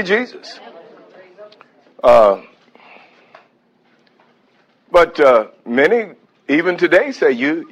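A man's voice: fairly high pitch, rough recording. A man preaching a sermon, breaking into calls of praise and reading a hymn aloud.

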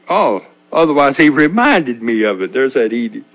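An older man delivering a homespun sermon in a middle-pitched voice. He speaks in a folksy, halting way, often breaking off and restarting sentences as he reads and reflects on scripture. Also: very animated, fairly bright tone, poor audio. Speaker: preacher. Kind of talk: informal sermon.

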